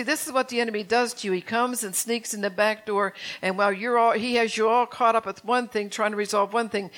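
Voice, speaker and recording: A woman's voice: medium pitch, a bit bright. Woman preacher giving a sermon, talky and fired up, keeps asking the church if they're with her. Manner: conversational, fervent preaching with call-outs to the congregation.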